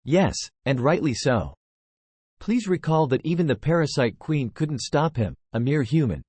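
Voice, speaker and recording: A calm elderly schemer speaks in a measured way that turns stern, read by a text-to-speech male voice. The intonation moves in a lively way, and the sound is dry and close. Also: a little high, slightly rough, no room sound.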